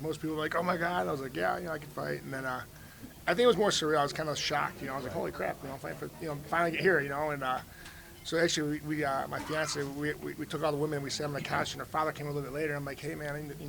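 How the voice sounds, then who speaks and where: A man from Cleveland, a fighter answering press questions in casual talk, quick and full of "you know" and restarts. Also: a little high, fairly even intonation, creaky, noisy background. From United States, Cleveland. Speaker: fighter being interviewed. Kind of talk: casual media scrum answers. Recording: crowd chatter behind.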